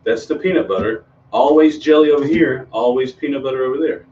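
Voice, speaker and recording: A man's voice: medium pitch, brisk, a little hiss or hum. Chatty man doing magic, distant and muffled. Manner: chatty and rambling, full of ums and restarts. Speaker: children's magician. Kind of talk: performing magic tricks for kids on a video stream. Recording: distant, dull home video sound.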